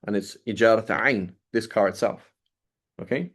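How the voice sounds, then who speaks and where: A man's voice: fairly low pitch, lively intonation, normal speed. A man teaching Islamic law in a casual lecture, talking conversationally and acting out little dialogues to make his points. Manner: conversational, illustrates points with quoted dialogue and rhetorical "right?".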